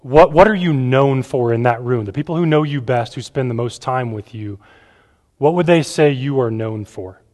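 In a church room before a gathered audience, a pastor gives a conversational sermon at normal speed in an ordinary middle-pitched male voice. He's relaxed, often checking in with "right?" and repeating words, while a long reverb trails each phrase as if in a large hall.

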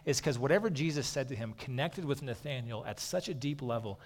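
A man's voice: medium pitch, expressive, a little fast. A man giving a sermon in a casual, talking-it-through manner, his mid-range voice carried on the long reverb of a large hall. He often checks in with the listeners by saying "okay". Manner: conversational, frequently saying "okay". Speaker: pastor.

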